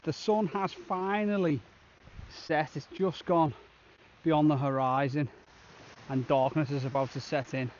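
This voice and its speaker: A man's voice: fairly high pitch, fairly even intonation, a little slow, a little mellow, highs cut off, a little hiss or hum. Chatty fishing vlogger man on a beach. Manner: chatty, upbeat, talks to the camera. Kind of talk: casual outdoor vlog narration. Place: outdoors on a beach at sunset.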